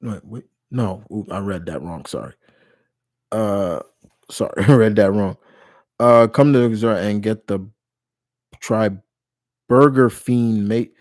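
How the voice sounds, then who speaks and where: A man's voice: lowish voice, a little slow, long pauses. A man hosting a live stream Q&A in casual chat, rambling and often restarting or correcting himself mid-sentence. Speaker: live stream host answering viewer questions.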